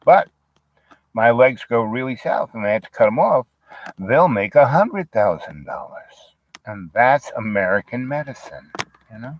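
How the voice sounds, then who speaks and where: A man's voice: mid-range voice, big pitch swings, measured pace. Older man, rambling casual storytelling, lots of fillers, dull lo-fi sound. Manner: rambling, full of fillers and asides.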